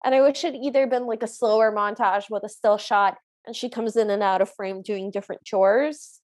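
A woman's voice: mid-range voice, normal speed. A woman co-hosting a podcast, chatting casually as she recaps a film and acts out the characters' lines. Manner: animated storyteller, acts out quoted lines. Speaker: podcast co-host.

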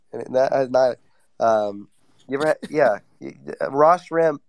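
A man's voice: a little high, no room sound. A young man ranting brashly in casual chat, full of swearing. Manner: brash, profane, quick ranting.

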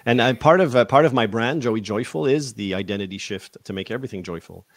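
A man's voice: mid-range voice, fast talker, dry recording. A man as a podcast guest, telling stories in a casual conversation with laughs. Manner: animated storytelling with laughs. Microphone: video call.

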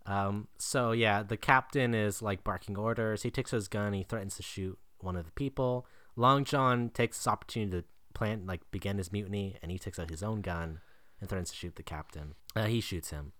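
A man with a middle-pitched, bright and clear voice jokes his way through a film recap. He is sarcastic and laughs easily. The recording is dry and close. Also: brisk, no room sound. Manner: joking, laughs often, sarcastic. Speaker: podcast co-host reviewing a film. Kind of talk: casual chat.

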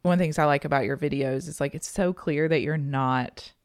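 A podcast co-host in casual chat, with a calm, relaxed voice and a faint Southern US drawl. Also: mid-range voice, brisk, dry recording, studio quality. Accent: slight Southern US drawl. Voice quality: calm voice that listeners find soothing.

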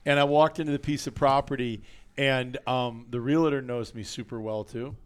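A man's voice: mid-range voice, moderate pace, smooth, dry recording. A man co-hosting a casual hunting podcast, telling stories and acting out what people said. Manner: animated storyteller acting out quotes. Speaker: podcast co-host.

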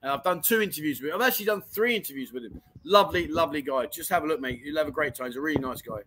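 Bright-voiced chatty man. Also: fairly high pitch, racing, slight background noise, poor audio. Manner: chatty and matey, keeps calling people mate. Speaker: livestream chat show host. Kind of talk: casual livestream chat reading viewer comments. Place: home in Pattaya.

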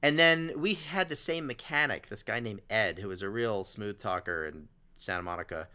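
A man's voice: lowish voice, moderate pace, bright, forceful tone, smooth. A man telling a long story in casual chat, rambling along with fillers and restarts.

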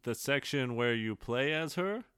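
Smooth-voiced man on a dry mic. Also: medium pitch, animated, a little slow, a bit bright, dry recording. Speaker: podcast co-host. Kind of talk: casual podcast chat.

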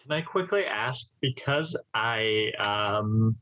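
A man's voice: lowish voice, animated, slow pace, bright, forceful tone. A man playing in a tabletop game, asking the game master a hesitant question. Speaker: player. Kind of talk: casual chat in a tabletop game.

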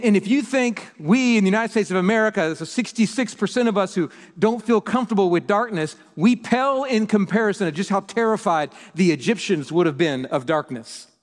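A man preaching a sermon, telling a story in an animated way with lots of restarts. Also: high voice. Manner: animated storyteller, repeats words when excited. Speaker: pastor. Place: church hall. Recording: reverberant church hall.

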